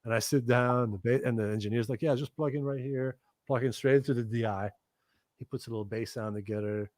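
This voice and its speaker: Chatting casually as a guest, a middle-aged musician tells lively stories, cursing without restraint and voicing other people's lines. He speaks in a mid-range voice, a touch fast, with no echo.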